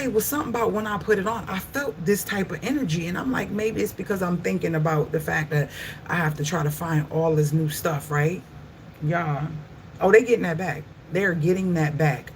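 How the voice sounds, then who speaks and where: A woman's voice: fairly low pitch, fairly quick, slight background noise. Exasperated woman venting to her viewers. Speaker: vlogger. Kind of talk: casual chat to viewers. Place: home.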